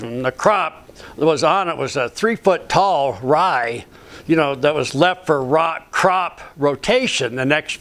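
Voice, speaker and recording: A man's voice: a little high, fairly bright tone. A man giving an earnest, rambling personal faith testimony as a ministry speaker, often saying "you know".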